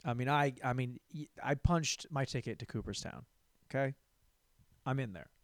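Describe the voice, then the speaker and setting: A man's voice: medium pitch, normal speed, dry recording. A young man hosting a comedy podcast, telling a crude, rambling story and repeating words for laughs.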